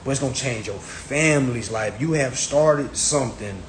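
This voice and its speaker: A man's voice: mid-range voice, normal speed. A man talking casually on a livestream, emphatic and profane, often repeating his phrases. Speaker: social media livestreamer. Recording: echoey room with faint background noise.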